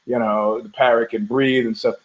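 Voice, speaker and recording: A man's voice: medium pitch, little pitch movement, moderate pace, natural voice, poor audio. Man voicing a tenant, anxious, apologetic, placating, pleading.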